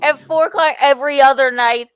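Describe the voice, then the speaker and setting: A woman's voice: sits high, fairly even intonation, a little fast. A woman co-hosting a casual livestream chat, playful and teasing as she reads out the chat's donations. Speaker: co-host reading chat donations.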